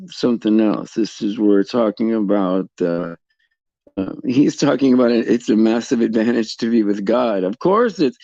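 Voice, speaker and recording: A middle-aged man hosting a casual faith talk for viewers, halting and repeating words as he restarts his sentences. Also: on the high side, creaky, a little mellow, no echo, lo-fi sound. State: tearful at times. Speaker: host.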